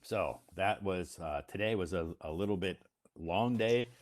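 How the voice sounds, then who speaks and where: Deep-voiced American man, slow and deliberate. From United States. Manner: slow, deliberate delivery with frequent fillers. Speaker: English teacher hosting a live stream. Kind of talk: casual live-stream chat.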